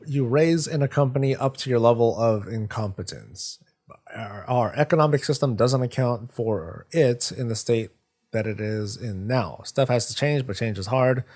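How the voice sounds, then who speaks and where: A man in the middle of his pitch range talking casually to his stream audience. He rambles, trips over his words and restarts sentences as he goes. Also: moderate pace, darkish tone. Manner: rambling, frequent restarts and stumbles. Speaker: streamer host. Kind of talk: casual live-stream commentary.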